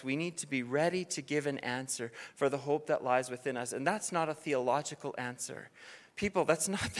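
A pastor preaching a sermon from a church stage, telling stories with passion and building to excited, near-shouted peaks. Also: medium pitch. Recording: long reverb of a church hall.

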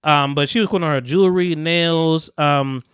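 A man's voice: on the high side, moderate pace, a bit bright, smooth, no room sound. A man hosting a podcast, casually retelling film scenes and acting out the quotes with lots of laughter. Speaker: podcast host. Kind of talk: casual chat.

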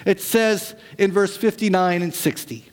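A man preaching a sermon as a pastor, dramatic, asking rhetorical questions and dropping his voice low for emphasis. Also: measured pace. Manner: rhetorical questions, humorous asides.

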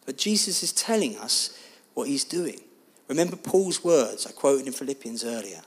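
A man preaching a sermon, telling a personal story in an animated, expressive way. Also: mid-range voice, normal speed, husky.

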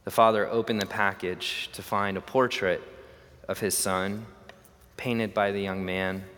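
A male preacher telling a story in a slow, earnest sermon style. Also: fairly low pitch, fairly bright tone. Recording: long hall reverb.

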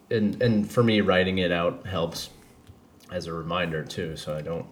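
A man with a very low voice talks through his thoughts in a loose, rambling way, dropping casual swears. He hosts a podcast, there is faint noise underneath, and his tone stays candid and unpolished. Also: normal speed. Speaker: podcast host. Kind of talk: casual chat.

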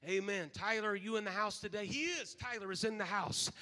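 A man preaching a sermon, shifting between shouted exhortation and quiet scripture reading. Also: sits high, fairly quick.

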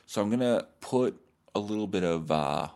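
A man's voice: fairly low pitch, animated, moderate pace, a little mellow. A man hosting a solo podcast, talking in a profane, self-mocking way and restarting his takes. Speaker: podcast host.

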